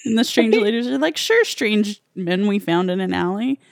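A woman's voice: mid-range voice, moderate pace, gravelly, dry recording. Woman chatting, dry close sound. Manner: hesitant, restarts a lot, wry. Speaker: podcast co-host. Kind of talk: casual chat.

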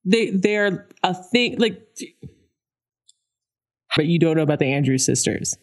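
With a lowish voice and a slightly slow pace, this podcast co-host chats casually about a cartoon episode. She's animated, performing the quoted lines in character and breaking into laughs.

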